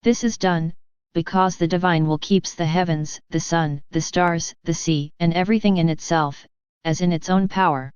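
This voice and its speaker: A woman voicing Jesus in a devotional reading, speaking in a slow, solemn, measured way. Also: fairly low pitch, steady tone, darkish tone, smooth, no room sound, lightly acted. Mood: tender. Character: Jesus speaking tenderly to a soul, male. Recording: dull, dry, lo-fi audio.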